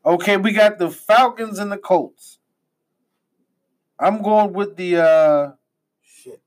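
A man's voice: high-pitched, slow, rough recording. A man from the Washington DC area hosting a loose, profane sports chat, often trailing off mid-sentence.

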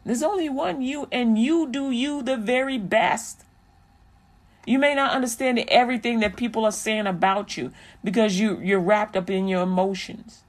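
This is a vlogger in sermon mode, repeating encouragement line after line the way a preacher builds a point. The voice sits at a middle pitch, neither high nor low. The key phrases are drawn out slowly and warmly. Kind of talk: preachy inspirational commentary.

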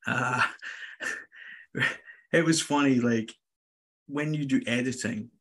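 A man talking as a guest in a casual podcast interview, telling stories in an animated, self-deprecating way. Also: mid-range voice, slow.

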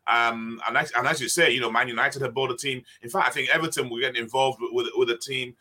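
A man's voice: mid-range voice, quick pace. An older man, a former basketball player, telling stories in a conversational interview and acting out the dialogue as he goes. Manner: animated, acts out dialogue in the stories. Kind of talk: conversational storytelling.

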